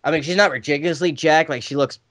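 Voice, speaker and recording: A man talking on a podcast in an animated, casual way, dropping "dude" and swearing. His voice sits slightly high. The recording is dry and close. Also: fast talker, dry recording. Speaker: podcast co-host. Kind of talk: casual chat.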